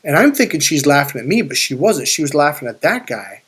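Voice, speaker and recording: Fairly quick and on the high side, this man's voice swings widely in pitch, bright with a breathy edge. As a spiritual and life coach, he guides viewers through a rambling, casual story, cursing freely and often starting sentences over.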